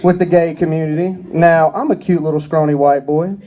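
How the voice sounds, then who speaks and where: On a club stage, a young man does a stand-up set, drawling through his stories and acting out the voices of the people in them. His voice is on the high side, warm and steady in tone, and fairly quick.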